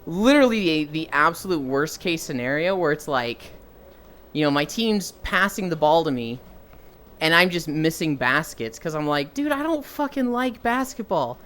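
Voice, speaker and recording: A woman's voice: low-pitched, animated, normal speed, a bit bright. A young woman streamer telling casual stories to chat, swearing freely and acting out quoted people in raised voices. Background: faint music.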